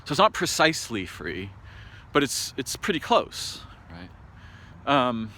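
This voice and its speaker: A man from the United States talks straight to camera in a loose, thinking-aloud monologue. His mid-pitched voice is bright and forward, and he keeps pausing, restarting and reaching for words. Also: very animated. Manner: thoughtful, halting, with many fillers and restarts. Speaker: video essayist. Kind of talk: unscripted spoken monologue to camera. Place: home in a city. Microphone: camera mic.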